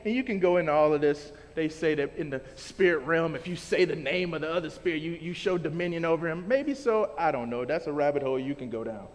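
A man preaching a sermon in a casual, animated way, using everyday slang as he explains scripture. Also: on the high side, quick pace, few pauses, big-room sound.

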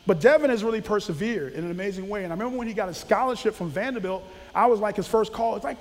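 A former football coach telling animated stories about players he coached, acting out quotes and laughing often. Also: sits high, rapid-fire, hardly any pauses, long reverb tail. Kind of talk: casual storytelling.

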